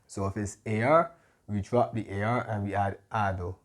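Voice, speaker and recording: A man teaching a grammar lesson, explaining patiently and pausing often with soft "mm-hmm" fillers. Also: fairly low pitch, steady tone. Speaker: Spanish tutor.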